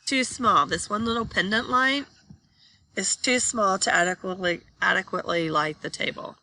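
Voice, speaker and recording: A woman teaching a design class in a bright voice. She reads each slide aloud, then explains it in plain words while pointing at details in the pictures. Her pitch sits in an ordinary middle range. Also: lively intonation, normal speed, a little hiss or hum.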